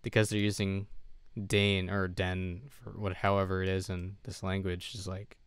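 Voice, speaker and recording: A man streams from home, commenting casually as he games, thinking out loud, second-guessing himself and sounding tired. His low voice is smooth with little pitch movement, at normal speed, in a dry recording.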